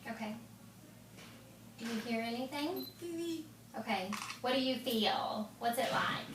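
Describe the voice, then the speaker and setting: A woman audiologist with a fairly high voice talks calmly and reassuringly, one step at a time. The recording is roomy and distant, caught by a camera across a clinic room with clear background noise. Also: a little slow. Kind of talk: clinical instructions.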